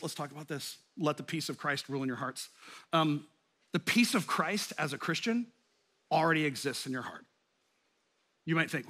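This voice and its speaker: A middle-aged man preaching a sermon as pastor, animated, rising loud and high to stress his points.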